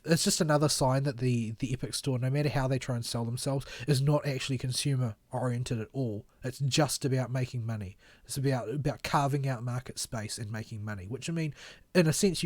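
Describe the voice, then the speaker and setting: A man's voice: medium pitch, no echo. Man with a dry, critical drawl. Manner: critical, rambling, trails off quietly. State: voice tiring after long stream. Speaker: podcast co-host. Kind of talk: casual stream chat, opinionated commentary.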